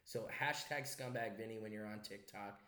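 A young man with an Italian-American accent, a podcast host telling a story in casual chat, profane and animated, slipping into voices. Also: fairly low pitch, moderate pace. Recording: echoey room.

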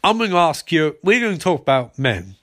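A man voicing a brash, pushy young woman who swears and rambles loudly in a comic retelling. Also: fairly high pitch, big pitch swings, a little fast.

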